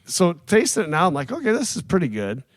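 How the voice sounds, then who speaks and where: A man's voice: sits high, fast. A man co-hosting a casual podcast, telling a story with lots of laughter and acted-out quotes, close to a studio mic. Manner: animated storyteller who laughs often and acts out quoted voices. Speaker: podcast co-host. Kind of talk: casual chat. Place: small recording studio. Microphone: studio microphone, close.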